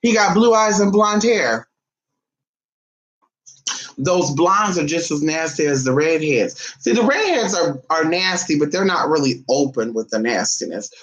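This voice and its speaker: A man talking casually and gossipily to his viewers, calling them y'all and honey, swinging from soft asides to loud exclamations. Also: a little high, animated, a little slow, dull audio. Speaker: vlogger.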